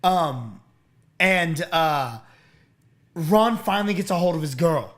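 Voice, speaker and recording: High-voiced man in excited chat. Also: slow pace. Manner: animated, acts out quoted lines. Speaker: co-host. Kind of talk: casual chat.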